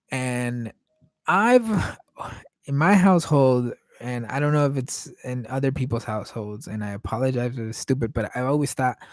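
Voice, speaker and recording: A man whose first language is Spanish thinks out loud in a loose, casual monologue. He hesitates a lot and searches for words, and he swears in an offhand way. His voice sounds close and dry, with no room around it. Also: mid-range voice, dry recording. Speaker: podcast host painting live.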